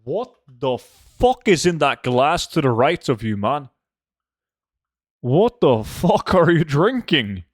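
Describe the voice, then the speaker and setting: Man, gaming streamer at a desk mic. Slightly high voice, dry close sound, casual jokey chat with frequent swearing. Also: very animated, slow pace, no room sound. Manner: joking, swears freely, hums to himself. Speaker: gold-farming game streamer. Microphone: desk microphone.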